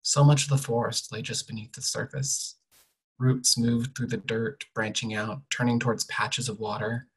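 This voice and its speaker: Quiet husky-voiced author reading fiction. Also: mid-range voice, flat delivery, rough recording. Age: young adult. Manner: quiet, measured, often trailing off softly. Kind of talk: literary reading of a novel excerpt.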